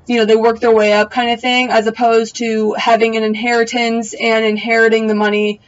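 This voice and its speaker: A woman's voice: fairly high pitch, level tone, brisk, muffled recording. A young woman giving a casual, opinionated recap of a TV episode, full of slangy asides. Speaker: TV recap vlogger.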